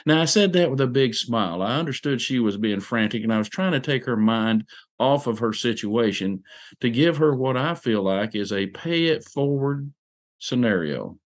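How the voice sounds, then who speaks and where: Oklahoma guy telling a story, low voice, slow and folksy with lots of uhs. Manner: unhurried, folksy, with fillers and restarts. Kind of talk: personal storytelling.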